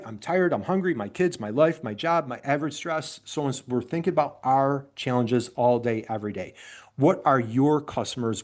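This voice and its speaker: A middle-aged man with an upstate New York accent, presenting an energetic business webinar over a video call and firing motivational questions at his audience. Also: mid-range voice.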